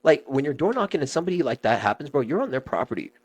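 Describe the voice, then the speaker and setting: A young man, a podcast guest, telling stories in animated, slangy casual chat and swearing freely. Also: medium pitch, rapid-fire, slightly rough, dry recording.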